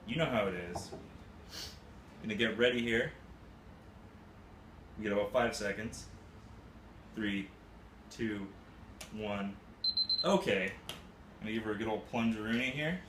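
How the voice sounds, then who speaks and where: Man, lowish voice, playful how-to host, echoey home room. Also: a little slow, long pauses, fairly bright tone. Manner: playful, goofy catchphrases. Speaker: coffee-brewing demonstrator. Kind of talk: casual how-to demonstration. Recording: roomy room with faint ambient hum.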